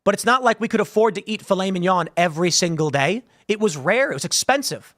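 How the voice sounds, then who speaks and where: A man hosting an animated political commentary show, blunt and conversational, with a sarcastic edge. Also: high voice, fast talker, dry recording, clean studio sound. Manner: sarcastic, mocks canvassers with impressions.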